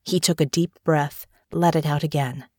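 A woman narrating an audiobook in a measured, even storytelling manner. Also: deep voice, no echo, studio quality.

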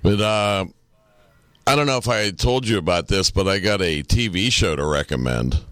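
A man's voice: deep voice, lively intonation, moderate pace, a bit bright, no room sound. A man co-hosting a podcast in casual chat, laid-back and swearing freely. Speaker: podcast co-host.

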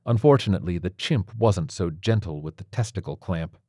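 A man narrating a storybook in a measured, even reading. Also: low voice, no echo, clean studio sound.

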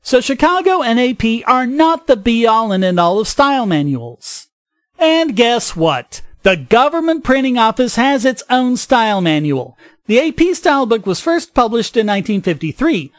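A man's voice: very high voice, sing-song, moderate pace, no room sound, studio quality. Sarcastic ranting male podcast host. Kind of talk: scripted opinion commentary.

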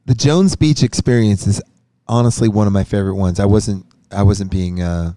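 A man's voice: fairly low pitch, steady tone, moderate pace, dark tone, no room sound, clean studio sound. A man chatting casually as a podcast guest backstage after his show, rambling with lots of fillers and restarts. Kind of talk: casual chat. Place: backstage at a concert venue.

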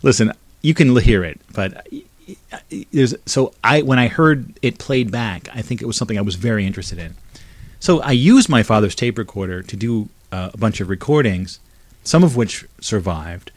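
A man in his fifties from New Jersey rambles through a solo podcast, drifting from one memory to the next. His voice sits on the low side and comes across close and dry through a condenser mic, with no room sound around it. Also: expressive, normal speed, no room sound. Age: 50s. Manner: chatty, digressive, nostalgic. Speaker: podcast host. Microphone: condenser mic through a mixer.

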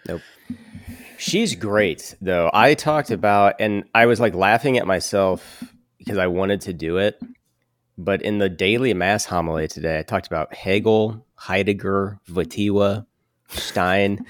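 A man's voice: low-pitched, a little slow, dry recording, clean studio sound. A man who is a priest chatting casually on a podcast, easygoing and chatty.

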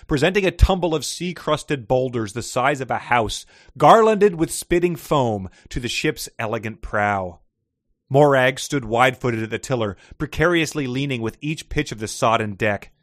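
A man's voice: mid-range voice, fairly bright tone, no room sound, clean studio sound. A man hosting a casual podcast chat, reading passages aloud with expression and laughing often. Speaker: podcast host reading excerpts.

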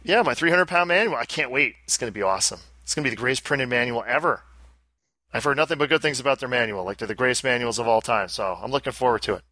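A man from the United States hosting a casual podcast, sarcastic and deadpan. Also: medium pitch, fast talker, no room sound. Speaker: podcast host. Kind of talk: casual chat.

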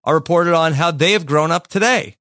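A young man with a slightly high voice hosts a casual podcast. He reads out facts in a relaxed way and murmurs agreement often. The sound is dry and close. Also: fairly quick, dry recording. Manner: laid-back, reads facts aloud, many affirming murmurs. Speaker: podcast host. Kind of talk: casual chat.

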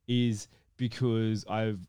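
A man hosting a podcast in casual chat, ranting with animated swearing and laughs. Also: lowish voice, slow, smooth, no room sound, clean studio sound. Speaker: podcast host.

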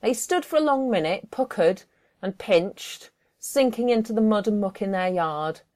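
A woman performing a folktale as a storyteller, in a vivid, expressive, deliberate way. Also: medium pitch.

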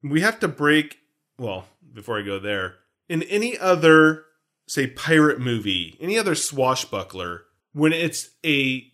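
A man's voice: fairly high pitch, very animated, unhurried, a bit bright. Joking, rambling male podcast host. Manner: joking, rambling, throws in pop-culture references. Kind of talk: casual chat.

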